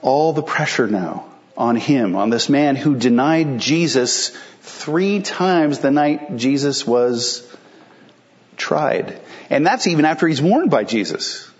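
A man's voice: mid-range voice, animated, takes it slowly, dull audio. Man preaching a conversational sermon. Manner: conversational, explanatory preaching with rhetorical questions. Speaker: pastor.

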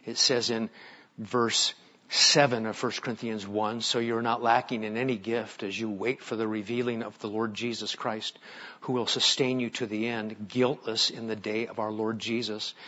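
This male pastor's voice is lowish with a level tone, heard through dull audio as he preaches a sermon. He tells his stories dramatically, swinging from hushed, slow lines up to loud, emphatic ones.

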